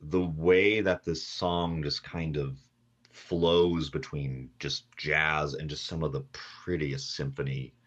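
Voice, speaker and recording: A man with a very deep, husky voice talks casually as a podcast guest. He rambles with plenty of fillers and laughs. He is on a call from his kitchen. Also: fairly even intonation, takes it slowly, lo-fi sound. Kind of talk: casual chat. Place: home, talking from the kitchen. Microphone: table mic on a video call.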